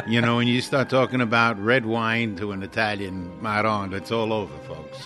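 A man's voice: fairly low pitch, steady tone, measured pace, over music. An older man from New York, a guest co-host on a radio show, telling stories and joking in a casual way with many fillers.

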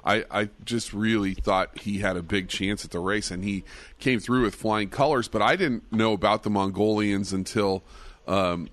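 A man's voice: on the low side, normal speed, fairly bright tone. A man hosting a casual chat, enthusiastic, with small stumbles and repeated words.

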